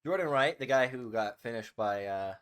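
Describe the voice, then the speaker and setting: A man's voice: medium pitch, expressive, moderate pace, a bit bright, clear, resonant tone. A young man co-hosting a podcast, talking casually with dry, sarcastic, half-mumbled asides. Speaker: podcast co-host. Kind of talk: casual chat.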